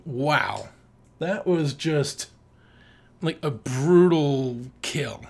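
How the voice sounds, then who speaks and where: A man co-hosting a podcast in casual chat, crude and joking, with an animated way of talking. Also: a little high, very slow, creaky. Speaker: podcast co-host.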